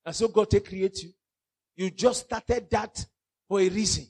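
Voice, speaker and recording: Fiery Nigerian preacher, high and gravelly. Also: male voice, measured pace. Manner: fiery, mixes pidgin, swings from loud to hushed. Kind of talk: sermon.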